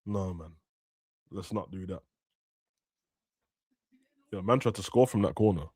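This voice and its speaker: A young man, ranting and joking as a streamer during a football watch-along, now and then shouting. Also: low-pitched, measured pace, slightly rough, dry recording, clean studio sound. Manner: ranting, slangy, bursts of shouting. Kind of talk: casual chat over a live match.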